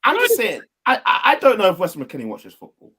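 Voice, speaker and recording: A man's voice: high-pitched, wildly swooping pitch, quick pace, sharp tone, husky. A man co-hosting a casual football podcast, arguing his points and repeating himself to get a word in. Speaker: podcast co-host.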